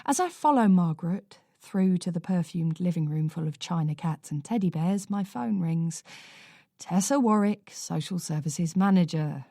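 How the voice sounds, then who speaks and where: A woman reading a first-person thriller audiobook in a measured, dry storytelling manner. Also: lowish voice, expressive, dark tone, no room sound. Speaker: audiobook narrator.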